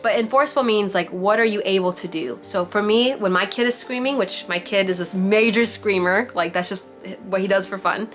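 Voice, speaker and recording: Young mom on a video call, mid-pitch, talks through toddler tips in a loose, chatty way, soft music behind. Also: female voice, a little fast, few pauses. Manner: chatty, lots of "like" and "you know", warm mom-to-mom advice. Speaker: mom giving parenting advice to a support group. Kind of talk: casual advice talk on a video call. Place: home, on a virtual meeting. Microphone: computer mic on a video call.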